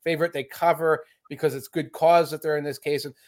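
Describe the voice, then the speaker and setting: A man appearing as a guest football writer on a casual sports podcast, animated and jokey, slipping into mock voices. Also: fairly high pitch, brisk.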